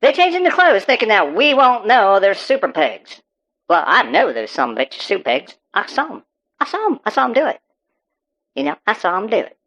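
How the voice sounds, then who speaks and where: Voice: medium pitch, wildly swooping pitch, normal speed, a bit bright, heavily acted. A performer playing a paranoid rural farmer who rambles and stammers through profane rants about super pigs. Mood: ranting. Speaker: interviewee on a call-in show. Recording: dull, muffled audio.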